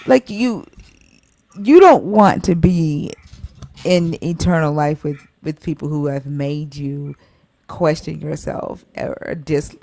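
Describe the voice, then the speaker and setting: A woman hosts a casual call-in show and talks slowly and unhurriedly. Her voice has a gravelly, creaky edge. She asks gentle, probing questions and laughs easily. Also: low-pitched.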